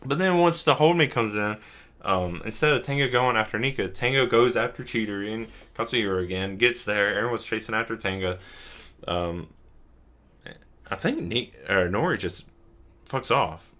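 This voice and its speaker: Hosting a casual anime recap while drunk, a young man with a lowish voice speaks animatedly at a moderate pace in a pushed, bright tone. He swears, chuckles, and rambles with plenty of fillers.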